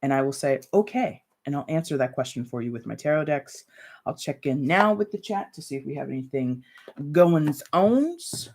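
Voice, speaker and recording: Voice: mid-range voice, normal speed, darkish tone. A tarot reader doing a casual live-stream reading, talking loosely and directly to viewers and peppering sentences with "like" and "you know". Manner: talks straight to viewers with light laughs.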